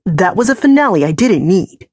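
A woman reading an audiobook, voicing a combative, battered young man who speaks bluntly and flatly. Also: mid-range voice, moderate pace, breathy edge, no echo. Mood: defiant. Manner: blunt, flat, pushy.

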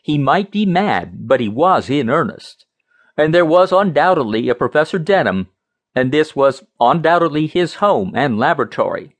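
A man reading an audiobook as narrator in an expressive, measured way. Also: a little high.

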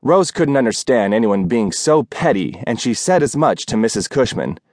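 A male audiobook narrator reading a novel in a measured, wry storytelling manner. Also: mid-range voice, sing-song, darkish tone, dry recording, studio quality. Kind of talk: scripted narration.

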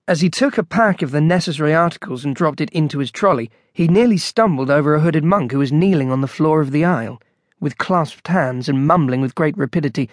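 A man narrating an audiobook in a measured, wry storytelling manner on a close studio mic. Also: on the high side, no echo.

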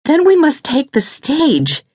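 A woman's voice: high-pitched, wildly swooping pitch, slow, a little mellow, no room sound, studio quality, voice pushed up, full character voice. Woman voicing a tearful, pleading young wife. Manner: earnest, pleading.

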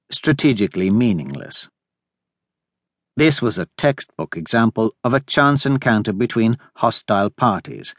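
A man narrating an audiobook in a steady, measured way. His voice sits at a mid pitch and is recorded dry and close on a studio mic. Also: no room sound. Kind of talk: scripted narration.

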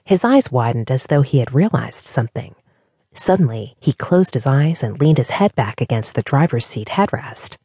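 A woman narrates an audiobook in an expressive storytelling manner. Her voice is breathy, with a lively, wide-ranging pitch, and the recording is close and dry. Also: no room sound.

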